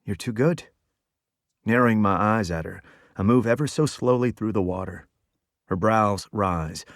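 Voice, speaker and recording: Low, quiet young man narrating. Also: no room sound, clean studio sound. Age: young adult. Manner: quiet, persuasive. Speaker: audiobook narrator. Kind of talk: first-person audiobook narration.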